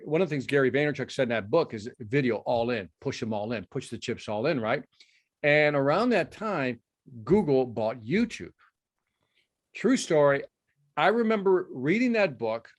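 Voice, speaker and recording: A middle-aged man from Chicago, a sales speaker telling stories in an interview and acting out the dialogue. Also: medium pitch. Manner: animated storytelling, acts out dialogue. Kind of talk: storytelling interview.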